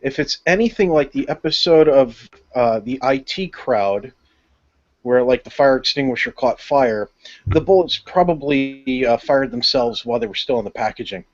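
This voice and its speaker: A man in a casual podcast chat tosses in offhand jokes in an ordinary mid-pitched voice. The recording is dull and lo-fi. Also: moderate pace.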